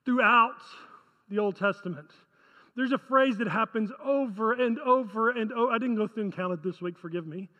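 A man's voice: high-pitched, moderate pace, pushed and bright, in a large hall. A male pastor preaching a conversational sermon, often asking the congregation rhetorical questions.

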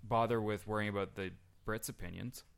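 Canadian male podcast co-host, low-pitched, smooth voice, wry. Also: steady tone, fairly quick. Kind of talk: casual podcast chat.

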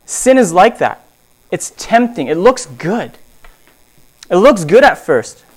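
A man preaching a sermon, telling stories in an animated way and swinging between loud emphasis and hushed asides. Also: sits high, takes it slowly, slightly rough.

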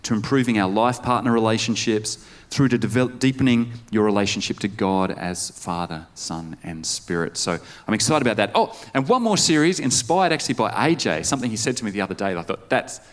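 Low-voiced chatty New pastor. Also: male voice, lively intonation, brisk. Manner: conversational, quizzes the congregation. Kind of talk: sermon. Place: church service.

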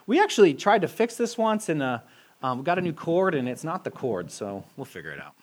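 A young man, a pastor, giving a relaxed, joking sermon with lots of fillers and restarts, asking the congregation questions. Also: a little high, a little fast, dry recording. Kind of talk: casual sermon with audience interaction. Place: church hall. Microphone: handheld mic.

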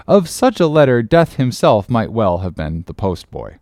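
A man narrates an old novel with a lively, rising and falling pitch and a measured pace. The recording is dry and close, with no room sound. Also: no echo. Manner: measured, expressive storytelling. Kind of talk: audiobook reading of a classic novel.

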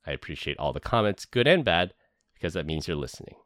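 Speaking fast, with big pitch swings in a low, fairly bright voice, a man hosts a podcast. The studio-quality recording has no echo. His year-end recap is earnest and prepared, moving between scripted narration and casual chat.

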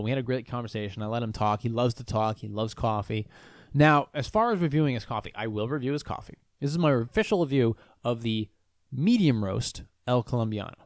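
A man's voice: mid-range voice, darkish tone, smooth, no room sound, clean studio sound. A man talking casually on his own channel, rambling with lots of fillers and restarts and swearing freely. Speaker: vlogger.

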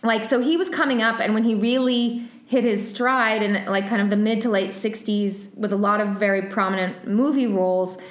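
A woman's voice: mid-range voice, normal speed, hardly any pauses, roomy sound. A woman co-hosting a podcast, chatting casually with many fillers and laughs. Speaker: podcast co-host. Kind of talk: casual chat.

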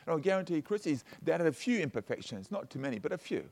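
Middle-aged man, high voice, casual pastor giving a story-driven sermon; chatty, keeps checking in with listeners. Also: very animated, very fast, darkish tone. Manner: chatty and personal, tags points with "okay?" and "you know". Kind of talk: conversational sermon.

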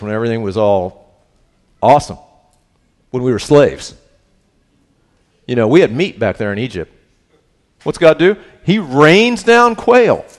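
A male pastor teaching scripture to his congregation in a loose, conversational way. He peppers his points with quick check-ins and shifts between low, earnest stretches and lively bursts. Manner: questioning, checks in with "right?"; swings between hushed and animated. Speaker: pastor teaching a Bible study. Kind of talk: conversational sermon.

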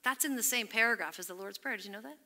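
Bright-voiced woman preaching an earnest sermon. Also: fairly high pitch, rapid-fire. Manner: earnest, emphatic, drops to near-whisper on scripture. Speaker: pastor.

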